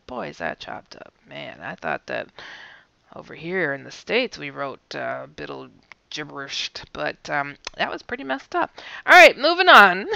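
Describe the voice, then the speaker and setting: Female host, reads reports with wry asides; bright, gravelly edges, dull lo-fi sound. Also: sits low, big pitch swings, unhurried, no room sound. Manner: wry, chatty asides between readings, laughs often. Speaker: news show host. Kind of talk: reading sighting reports with asides.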